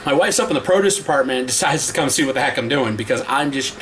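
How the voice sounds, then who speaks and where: A man ranting to camera in a casual vlog, telling a story in an exasperated, animated way. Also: medium pitch, fast, a little hiss or hum. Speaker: vlogger.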